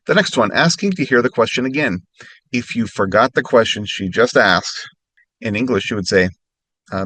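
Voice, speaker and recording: A man teaching phrases as a language lesson, speaking slowly and carefully and repeating each phrase more slowly. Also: fairly low pitch, expressive, a bit bright, breathy edge, no room sound. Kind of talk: instructional narration.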